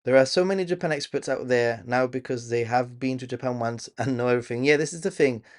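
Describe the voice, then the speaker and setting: A man's voice: medium pitch, fast talker. A man hosting a casual live stream, chatting to viewers, reading their comments aloud and laughing often. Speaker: livestream host.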